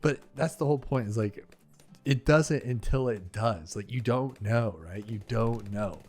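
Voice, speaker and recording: A man's voice: medium pitch, unhurried, darkish tone, soft background music. A man giving casual commentary over gameplay, rambling into talkative, emphatic stories and sounding exasperated. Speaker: gaming video creator.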